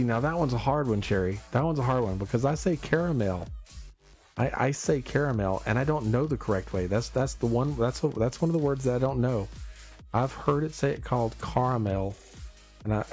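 This man's medium-pitched voice has a darkish tone. He runs a laid-back live stream, joking around with viewers in a rambling way, tripping over and repeating words and frequently bursting into laughter.

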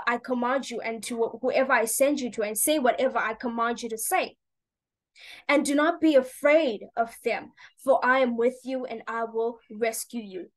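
A woman's voice: fairly high pitch, rough recording. A woman giving an earnest devotional talk, reading scripture and exhorting her listeners with casual fillers. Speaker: preacher.

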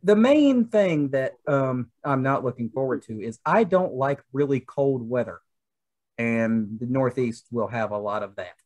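A man's voice: mid-range voice, animated, unhurried, a little mellow. Young Southern guy, co-host, loose rambling chat. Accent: Southern American. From American South. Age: young adult. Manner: chatty, rambling with many fillers. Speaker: podcast co-host. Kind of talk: casual chat.

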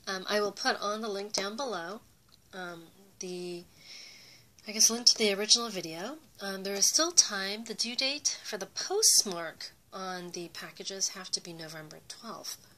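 Bright-voiced woman chatting over crafts. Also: mid-range voice, measured pace, a little hiss or hum, poor audio. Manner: chatty, many fillers, gushing over crafts. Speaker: craft YouTuber. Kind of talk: casual unboxing chat.

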